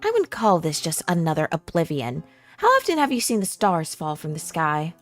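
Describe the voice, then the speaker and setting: A woman's voice: lowish voice, wildly swooping pitch, normal speed, soft background music. Woman playing a grave, determined adventurer. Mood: stern.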